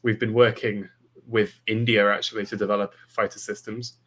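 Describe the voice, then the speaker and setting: A man's voice: lowish voice, level tone, normal speed, fairly bright tone, slightly rough. A man speaking as a guest on a casual political podcast, hesitant and thoughtful, often restarting his sentences.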